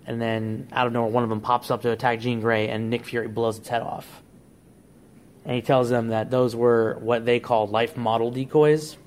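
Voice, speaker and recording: A man in a casual podcast chat, walking through his plot pitch with eager momentum. His voice sits in an ordinary middle register, with a faint hiss behind it. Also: flat delivery, normal speed. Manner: enthusiastic storyteller, pitching plot ideas. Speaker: podcast host.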